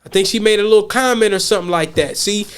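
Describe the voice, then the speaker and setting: A man's voice: sits high, fast talker, clear, resonant tone. An American man hosting a podcast, talking casually and rambling, often repeating words as he restarts. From United States. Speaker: podcast host.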